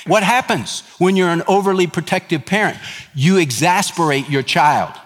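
A man's voice: sits high, normal speed. A middle-aged male pastor preaching a sermon in an earnest, emphatic way, often working through numbered points. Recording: hall reverb.

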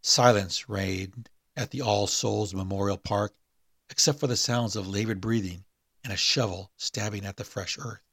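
A man's voice: fairly low pitch, slightly rough, no echo, clean studio sound. A man hosting a podcast, chatting hesitantly with many fillers and reading a spooky short story aloud. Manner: hesitant, full of fillers and restarts in chat.

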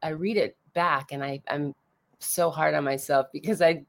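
A woman's voice: deep voice, steady tone, moderate pace, gravelly. A woman in her fifties, a podcast guest chatting casually, rambling with restarts and saying "like" a lot like a Valley Girl. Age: 50s. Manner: says "like" often, talks like a Valley Girl. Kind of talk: casual chat.

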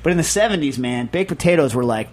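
A man hosting a radio talk show in casual, animated, jokey chat with quick quips. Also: a little high, slight background noise. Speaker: radio host.

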